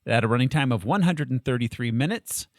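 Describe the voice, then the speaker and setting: A man's voice: mid-range voice, animated, fast talker, no room sound, clean studio sound. A man hosting a casual podcast chat, laughing often as he runs the segments. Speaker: podcast host.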